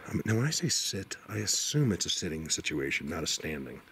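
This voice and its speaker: Excitable man vlogging in the woods. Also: sits low, a little fast, vocal fry, a little hiss or hum. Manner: excitable, stammering, drops to a whisper. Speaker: Bigfoot hunter vlogger. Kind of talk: excited outdoor vlog. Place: forest outdoors.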